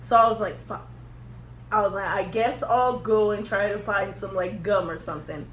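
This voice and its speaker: This storytime vlog features a young woman at medium pitch and moderate pace, chatting casually, rambling, laughing, and teasing herself. There's an echo to the room and a faint hum underneath.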